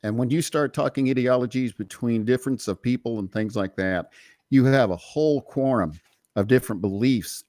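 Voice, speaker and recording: An American man on a political podcast panel, speaking earnestly and in long, speechlike runs. His voice sits at a middling pitch and sounds close and dry, with no room around it. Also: darkish tone, no echo. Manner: earnest, speechlike delivery with restarts. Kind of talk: casual political discussion.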